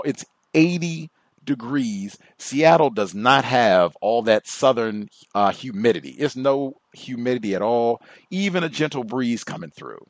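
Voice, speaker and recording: A man's voice: medium pitch, dry recording. A man hosting a podcast, telling a personal story in a casual monologue and acting out the other people in it. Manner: conversational, animated when quoting others. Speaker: podcast host.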